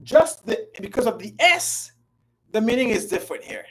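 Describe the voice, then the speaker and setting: A woman teaching an English class in a playful, coaxing way. She repeats herself often and swings between loud and soft. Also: on the high side, very animated, normal speed, slightly rough, rough recording. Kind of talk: live online language class.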